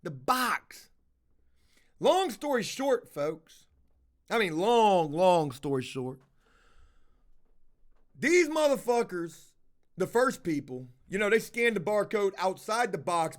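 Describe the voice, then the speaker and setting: Speaking slowly with long pauses, a high-voiced male livestream host meanders through a story in a casual, foul-mouthed manner. He's animated and acts out the dialogue from both sides.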